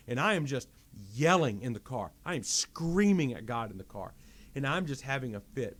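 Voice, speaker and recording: A man, a pastor guest on a podcast, telling a personal story in an animated, emphatic way that repeats and restarts phrases. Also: mid-range voice, moderate pace. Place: podcast studio.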